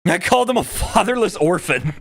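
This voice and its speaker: A man's voice: high-pitched, lively intonation, fairly quick, gravelly. A young man live-streaming a video game, chatting casually with his viewers and chuckling often as he jokes around. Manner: joking, chuckles often, talks to chat. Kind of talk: casual live-stream chat while playing. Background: game music.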